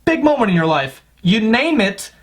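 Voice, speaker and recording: A man's voice: high-pitched, sing-song, moderate pace. A male comedian delivers a profane, exasperated rant in the style of a stand-up monologue. He argues his points with scornful disbelief and lots of swearing.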